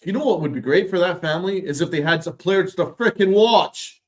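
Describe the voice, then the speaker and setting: Man, slightly higher voice, sarcastic ranting podcast host, exasperated and profane. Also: expressive, a little fast. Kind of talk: ranting sports commentary.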